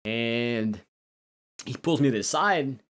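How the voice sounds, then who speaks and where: A young man telling his own story in a loose, halting way, full of restarts and casual slang. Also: mid-range voice, fairly bright tone. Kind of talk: personal storytelling.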